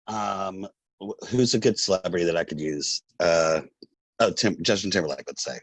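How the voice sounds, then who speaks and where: A man's voice: low-pitched, normal speed, dry recording. A man co-hosting a podcast in casual chat, joking in a campy way and mimicking people in his stories. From Los Angeles. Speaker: podcast co-host.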